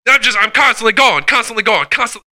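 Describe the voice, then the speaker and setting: Hyper, profane Santa Claus, played by a man, high and very bright, rambling and stammering through an improvised sketch. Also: animated, fast, heavily acted. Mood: manic. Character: wired, foul-mouthed, sleepless Santa Claus man.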